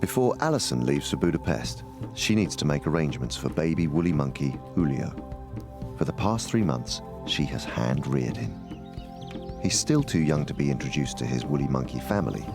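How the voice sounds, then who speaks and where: A man with an extremely deep, gravelly voice narrates a documentary in a calm and measured way. Clear music plays behind him. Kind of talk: scripted narration.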